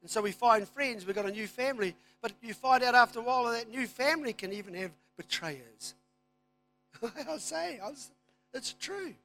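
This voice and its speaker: A man preaching a sermon, moving from quiet asides to loud, emphatic declarations. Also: very high-pitched, animated, normal speed, soft background music. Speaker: pastor.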